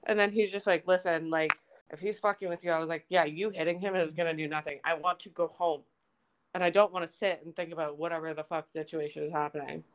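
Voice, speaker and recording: Young woman co-host ranting in casual chat, swears a ton, animated. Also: low voice, fast talker. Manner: swears a lot, animated storytelling. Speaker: podcast co-host.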